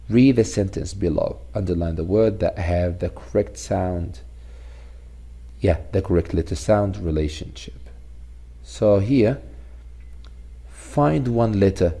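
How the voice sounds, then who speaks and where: Male teacher, low and dark, gravelly, patient phonics walkthrough with repeated sounds. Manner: explains slowly, repeats sounds and words. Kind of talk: recorded English phonics lesson.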